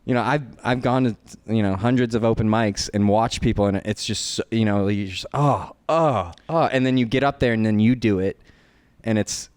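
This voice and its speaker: A man co-hosting a podcast, talking in casual chat with halting restarts. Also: fairly low pitch, fairly even intonation, a little mellow, smooth, no echo. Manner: halting, with many restarts and fillers. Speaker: podcast co-host, poker player.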